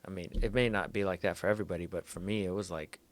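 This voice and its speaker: A man's voice: low-pitched, fairly even intonation, fast talker. A young man hosting a podcast in a studio, talking casually with loose slang, swearing and laughs. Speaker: podcast host. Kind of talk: casual chat.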